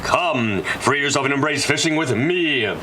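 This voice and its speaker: Self-proclaimed fishing master, man reading the part, bright tone, grand and inviting. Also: medium pitch, lively intonation, unhurried, a little hiss or hum. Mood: grandiose. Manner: grand, inviting recital of game dialogue. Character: boastful adult male master fisherman.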